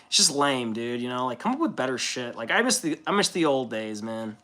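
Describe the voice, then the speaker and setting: A man's voice: mid-range voice, sing-song, a little fast, noisy background. A man streaming casually while painting, rambling in a laid-back way and swearing freely.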